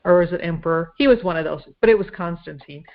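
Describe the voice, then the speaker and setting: A woman from Minnesota talks as a guest, rambling and hesitant, filling pauses with ums. Her voice sits on the low side. The sound is dull and lo-fi. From Minnesota, USA. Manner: rambling, hesitant, many fillers. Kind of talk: casual conversation. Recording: dull lo-fi audio.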